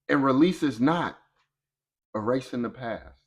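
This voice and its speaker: A middle-aged man giving a motivational talk on personal growth, lively and conversational, acting out quoted voices. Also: medium pitch, normal speed.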